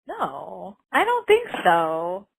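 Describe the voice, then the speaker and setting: A woman's voice: medium pitch, wildly swooping pitch, very slow, vocal fry, breathy edge, no echo, low-quality recording. A woman co-hosting a podcast, chatting with enthusiasm and frequent giggles about a TV episode. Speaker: podcast co-host. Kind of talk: casual chat recapping a TV episode.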